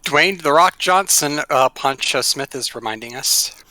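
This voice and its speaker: Bright, dry-sounding man joking. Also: on the high side, animated, unhurried, dry recording. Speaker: guest on a stream call. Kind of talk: casual gameplay chat.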